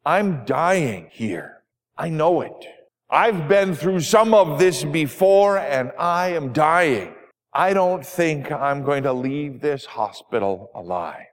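A preacher putting on a frail old woman near death, sharp and bitter in her complaints. Her voice sits fairly high and carries a long hall reverb. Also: sing-song, slow. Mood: resigned. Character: frail dying older woman, bitter and frustrated.

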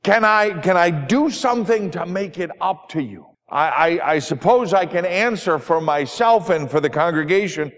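Brief: preacher voicing soft-spoken, sheepish male pastor, stammering, gently teasing, slightly high voice in a reverberant hall. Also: expressive, moderate pace, few pauses. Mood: gentle. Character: gentle, apologetic male pastor visiting a patient. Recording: long reverb of a large hall.

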